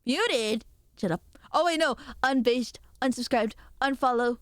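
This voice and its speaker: A young woman streaming, chatting casually and excitably, swearing often and poking fun at herself. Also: high-pitched, measured pace, clear, resonant tone, dry recording, clean studio sound.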